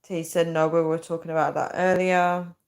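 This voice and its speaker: A woman's voice: sits low, flat delivery, normal speed. A woman in her thirties, tired and chatty, reading out comments on a casual live stream. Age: 30s. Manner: chatty and giggly, often breaking into laughter. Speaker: livestream host.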